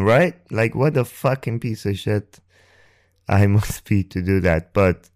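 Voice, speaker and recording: A young man hosting a podcast, telling a personal story on a close microphone in a halting, rambling way, with restarts and swearing. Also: fairly low pitch, a little mellow. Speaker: podcast host. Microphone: close ASMR microphone.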